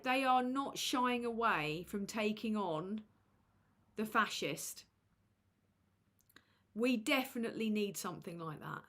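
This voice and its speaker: A woman's voice: medium pitch, fairly bright tone. A woman hosting a casual livestream and reading out super chats, crude and sardonic as she roasts people. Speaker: livestream host.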